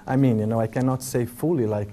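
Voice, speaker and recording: A man with an Italian accent, speaking English as a second language, telling memories in a relaxed conversation and often restarting as he searches for words. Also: medium pitch, fast talker, slight background noise. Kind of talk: casual reminiscing conversation.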